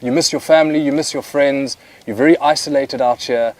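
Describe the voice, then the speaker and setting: A man's voice: mid-range voice, fairly even intonation, a little fast. Male wildlife cameraman, casual interview, laid-back and dryly funny.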